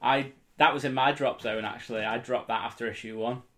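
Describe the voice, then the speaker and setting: A man's voice: medium pitch, fairly even intonation, a little fast, a bit bright. A man, co-hosting a casual podcast chat in a laid-back, dry way. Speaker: podcast co-host.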